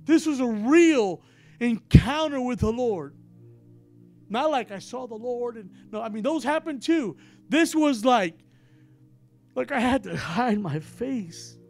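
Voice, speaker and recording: High-voiced, slow-speaking male preacher. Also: lively intonation, soft background music. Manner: emotional testimony, swings from hushed to shouting. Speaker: pastor. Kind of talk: sermon.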